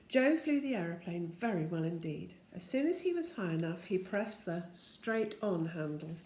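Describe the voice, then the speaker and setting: An older woman reading a children's storybook aloud, homely and unhurried, breaking off now and then for chatty asides. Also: medium pitch, a little mellow, a little hiss or hum. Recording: echoey room.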